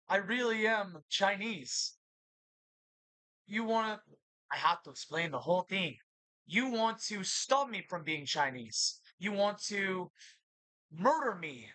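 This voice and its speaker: A woman's voice: on the low side, fairly bright tone, dry recording, low-quality recording. A woman vlogger in an agitated, accusatory monologue that keeps repeating itself. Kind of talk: ranting monologue to camera.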